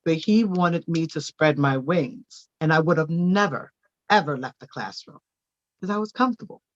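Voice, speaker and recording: A woman, a daycare owner, telling her personal testimony in a church interview with animated storytelling. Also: deep voice, moderate pace, lo-fi sound. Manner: animated storytelling, acting out quoted voices.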